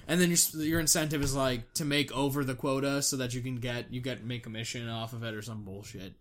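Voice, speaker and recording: A man's voice: mid-range voice, brisk. Casual young man telling stories. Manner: animated storytelling, swears freely, acts out quotes. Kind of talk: casual chat.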